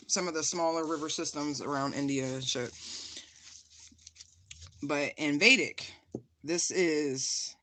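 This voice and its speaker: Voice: mid-range voice, sharp tone, slight background noise. A tarot reader giving a casual spiritual card reading to viewers, chatty and direct, with lots of fillers, calling the listener honey while showing a stone to the camera.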